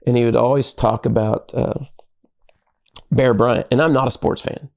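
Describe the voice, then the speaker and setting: A middle-aged man, a pastor and podcast guest, telling animated stories in casual conversation and acting out the lines of people he quotes. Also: mid-range voice, moderate pace, vocal fry.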